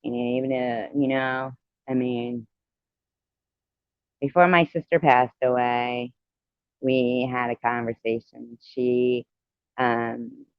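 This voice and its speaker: A man's voice: medium pitch, level tone, slow pace, pauses often, clean tone, no room sound, muffled recording. A man telling a personal story to viewers in a casual, rambling, heartfelt way, with many "you know" fillers.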